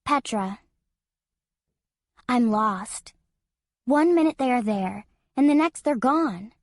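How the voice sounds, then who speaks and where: A woman's voice: a little high, lively intonation, takes it slowly, no echo, studio quality, exaggerated voice. A woman narrating an audiobook as a frightened seven-year-old girl, in an earnest, childlike first-person telling. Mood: worried, earnest.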